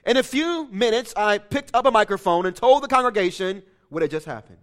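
A man's voice: high voice, expressive, a little fast, fairly bright tone. A man preaching a sermon, reading a story aloud with impassioned, emphatic delivery. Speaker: pastor.

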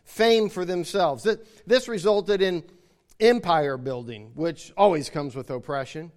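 Unhurried yet emphatic, a man with a high voice preaches a sermon. He leans on repeating key phrases to make his points land and calls to the audience to agree.

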